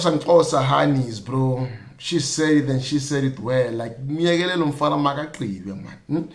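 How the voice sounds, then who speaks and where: A man's voice: sits high, fairly bright tone, echoey room. A South African man hosting a podcast, giving loose, opinionated commentary full of "you know what I mean" fillers. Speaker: podcast host.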